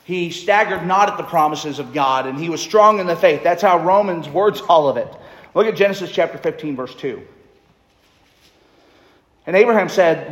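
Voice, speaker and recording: Guy preaching a sermon, high voice, chatty, reads scripture out loud, big echoey room. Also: normal speed. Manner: conversational, reads scripture aloud. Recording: echoey hall reverb.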